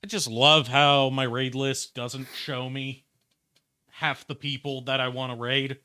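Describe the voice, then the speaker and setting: A man's voice: medium pitch, little pitch movement, measured pace, pushed and bright, smooth. American man casually streaming a game. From United States. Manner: rambling, frequent fillers and swearing. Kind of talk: casual gaming stream chat. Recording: game music behind.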